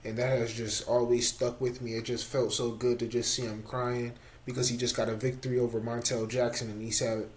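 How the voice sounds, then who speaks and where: A man's voice: mid-range voice, level tone, brisk, hardly any pauses. A man co-hosting a casual fight-sports podcast, hyped and playful, who repeats his catchphrases and laughs often. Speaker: podcast co-host. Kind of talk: casual MMA chat.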